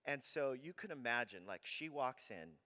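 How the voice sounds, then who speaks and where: Animated pastor in a reverberant hall. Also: male voice, mid-range voice, normal speed. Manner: animated storytelling, acts out his own angry shouting. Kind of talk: sermon with a personal story. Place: church hall.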